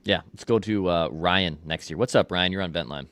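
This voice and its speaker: A man's voice: sits low, brisk, a bit bright. A man co-hosting a podcast, bringing callers on in a laid-back way with fillers. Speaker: podcast co-host taking calls. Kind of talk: casual call-in hosting.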